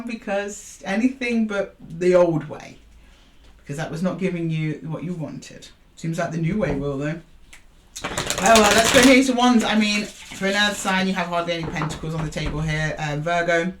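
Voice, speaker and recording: A woman's voice: on the low side, a little fast. A woman giving a casual tarot reading, chatty and coaxing as she calls for cards and talks to her viewers. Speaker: tarot reader.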